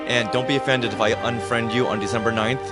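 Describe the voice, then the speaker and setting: A man co-hosting a casual fan podcast, bantering in an excitable, playful way. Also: medium pitch, fast, music in the background. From United States. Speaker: podcast co-host.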